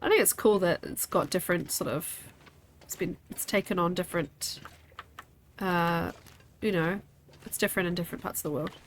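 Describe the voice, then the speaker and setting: A woman's voice: on the low side, moderate pace, a little hiss or hum. A woman, chatting casually while streaming a game and rambling as she answers her chat.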